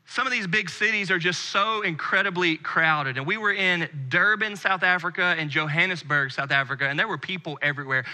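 A man in his thirties from the United States preaching a sermon with earnest intensity, dropping to a hush on key phrases. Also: high-pitched. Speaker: pastor. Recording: long hall reverb.

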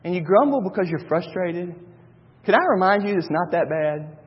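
A man's voice: sits high, normal speed, husky. A male pastor giving a conversational sermon, repeating his key phrases for emphasis. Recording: dull sound with long hall reverb.

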